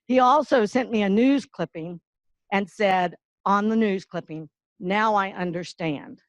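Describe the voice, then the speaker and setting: A woman's voice: medium pitch, no echo, low-quality recording. An older woman from the North Carolina-Virginia border, giving a folksy, heartfelt award tribute. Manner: folksy storyteller, slow and emotional. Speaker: award presenter.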